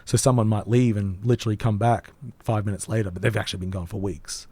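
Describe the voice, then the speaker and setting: A hoarse man, co-hosting a podcast and reviewing a game in casual, rambling chat with many ums. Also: lowish voice, fairly even intonation, fast, a little mellow, no room sound. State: hoarse, voice nearly gone. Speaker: podcast co-host.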